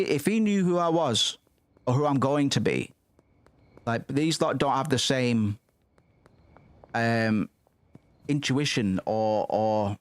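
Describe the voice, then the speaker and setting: Casting: young man, rambling sweary gamer, dry close mic, mid pitch. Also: no echo. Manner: sweary, rambling, muttering asides. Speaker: gaming streamer. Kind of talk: casual gameplay commentary.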